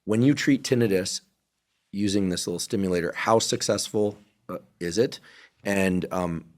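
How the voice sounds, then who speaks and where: A man's voice: low voice, normal speed. A man hosting a science podcast, asking curious, probing questions of his guest. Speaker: podcast host. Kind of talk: interview questions.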